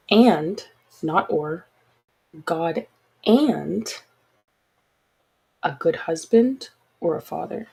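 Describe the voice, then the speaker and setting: Woman, casual livestream host, very husky, lowish voice, frank and chatty. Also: slow, long pauses, a little mellow, rough recording. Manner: frank, chatty, apologetic asides. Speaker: podcast host.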